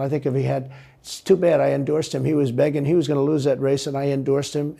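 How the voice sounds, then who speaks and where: Man in an interview, gravelly raspy voice, kinda dark and mellow, goes on and on repeating himself. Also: fairly high pitch. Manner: rambling, repetitive, emphatic. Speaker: interview guest. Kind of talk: political interview answers.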